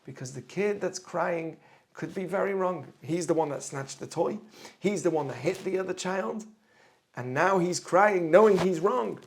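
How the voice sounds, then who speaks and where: Gravelly-voiced rabbi teaching a lesson. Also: male voice, on the high side. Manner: earnest, explains with everyday examples. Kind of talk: torah class talk.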